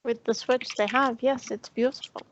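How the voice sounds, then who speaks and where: A woman's voice: fairly high pitch, steady tone, normal speed, background noise. A woman co-hosting a podcast, chatting eagerly and repeating herself as she goes. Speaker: podcast co-host. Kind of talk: casual chat. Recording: dry, dull lo-fi sound.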